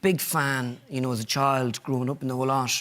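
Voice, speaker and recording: A man's voice: mid-range voice, flat delivery, a little fast. A man with an Irish accent, a comedian guest telling chatty, rambling, self-mocking stories on a talk show. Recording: loud studio audience laughter behind.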